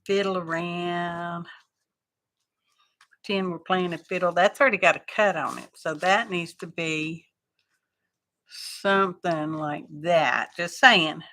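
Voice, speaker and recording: A woman chats through a craft livestream, thinking out loud as she works. Her voice is bright and clear, and she takes her time, drawling through relaxed, folksy asides. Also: fairly low pitch, slow, pauses often. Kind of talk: casual craft livestream chat.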